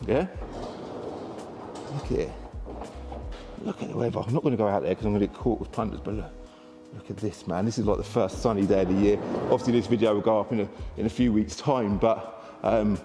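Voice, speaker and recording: A man, a car dealer chatting excitedly to camera in a casual walkaround vlog. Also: mid-range voice, big-room sound.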